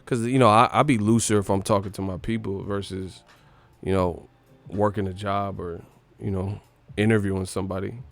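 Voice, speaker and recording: A man's voice: lowish voice, normal speed, creaky. A man hosting a boxing show, talking in loose slangy commentary, swearing and laughing a lot. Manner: animated, profane, slangy, laughs often. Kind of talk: casual sports commentary.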